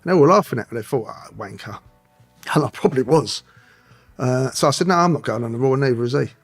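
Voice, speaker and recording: Gravelly-voiced man, swearing storyteller. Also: mid-range voice, expressive, fast talker, soft background music. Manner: swearing, rambling, streetwise anecdotes. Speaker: guest, former police officer. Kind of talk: storytelling interview.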